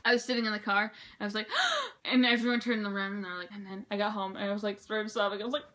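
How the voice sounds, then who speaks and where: A teenage girl vlogging in a rambling, excitable, chatty way. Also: medium pitch, racing. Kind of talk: casual chat.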